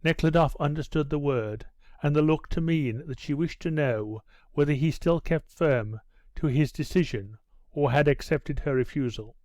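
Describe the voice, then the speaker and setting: A male audiobook narrator reading a classic novel in steady, unhurried narration. His voice sits a little high. The recording is dry with no room sound. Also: no echo. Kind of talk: scripted narration.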